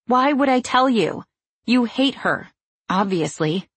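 A rebellious young daughter, put on by a woman narrator, indignant and sharp-tongued. Her voice sits higher than the narrator's and carries a husky grain. The delivery stays close and dry, as if read in a small quiet booth. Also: lively intonation, slow pace, no echo, heavily acted. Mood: defiant. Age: young adult.

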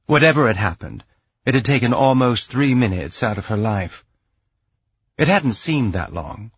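A man narrating a science fiction audiobook in a measured, even storytelling voice. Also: medium pitch, slightly rough, no room sound, lo-fi sound. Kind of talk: scripted narration.

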